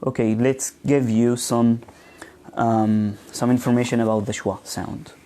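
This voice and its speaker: Slow, mellow-voiced man teaching. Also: medium pitch, flat delivery, a little hiss or hum. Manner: slow, hesitant, with many fillers and restarts; models words slowly and asks students questions. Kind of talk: live online pronunciation class.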